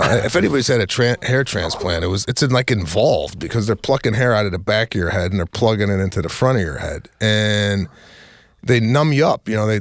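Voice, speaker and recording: A middle-aged man hosting a casual comedic chat, telling stories with animated delivery and acting out both sides of each exchange. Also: sits low, no room sound, studio quality. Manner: animated storytelling, acts out exchanges, says "bro". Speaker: comedian host.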